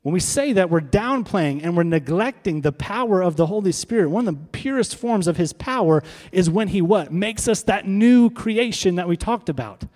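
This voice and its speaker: A fairly high-voiced man preaches in a relaxed, talky way, tossing questions out to his listeners. His voice rings with the long reverb of a large hall. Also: normal speed, hardly any pauses. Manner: conversational preaching with rhetorical questions to the congregation. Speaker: pastor. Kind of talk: sermon.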